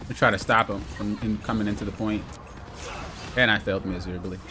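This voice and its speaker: Over music, a young streamer with a lowish, steady voice talks fairly quickly as he plays a hero shooter. His live commentary is full of playful trash talk, complaining at his teammates in mock exasperation.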